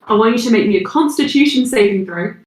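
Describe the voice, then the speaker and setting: A woman's voice: a little high, lively intonation, fast, echoey room, a little hiss or hum, rough recording. A woman narrating a tabletop role-playing game as its game master, describing the scene for the players.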